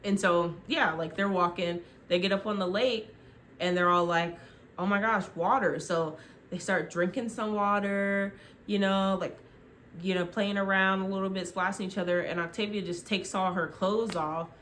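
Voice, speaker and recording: A young woman vlogger casually retelling a TV show into her phone, rambling and full of "like" as she acts out quick quotes. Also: mid-range voice, fairly even intonation, a bit bright, a little hiss or hum.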